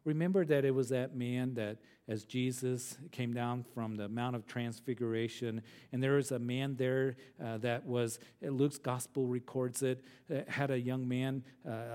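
At normal speed and fairly even intonation, a pastor with a dark, medium-pitched voice speaks with hardly any pauses. He earnestly works through the Bible verse by verse, reading passages aloud, asking listeners tag questions, and repeating words as he restarts.

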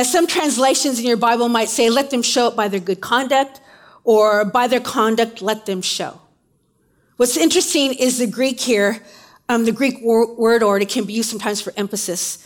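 Woman preaching. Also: a little high. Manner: conversational, uses casual asides and fillers. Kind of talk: sermon.

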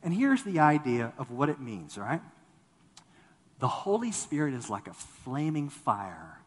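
Husky male pastor preaching in a hall. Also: unhurried. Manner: animated preaching, voice swelling then dropping low; repeats words when starting a thought. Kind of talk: sermon.

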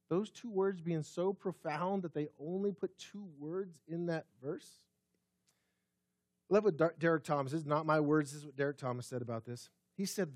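A high-pitched man delivers a sermon in an expressive preaching style, with a dry, close sound. He swings from loud emphasis to near-whispered moments. When he reads scripture, he slows down deliberately. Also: dry recording. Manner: slows down to read scripture aloud. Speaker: pastor. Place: church.

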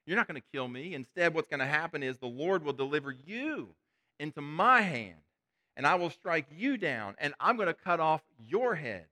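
A man's voice: a little high, big pitch swings, normal speed, sharp tone. A man voicing a confident young shepherd hero standing up to a giant, while retelling it in a sermon. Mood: defiant. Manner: defiant, fired up.

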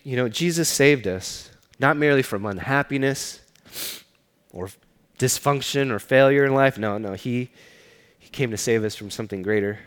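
A man preaching a sermon, telling a personal story earnestly and often dropping to a hushed voice. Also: lowish voice. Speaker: pastor. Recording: long reverb of a large hall.

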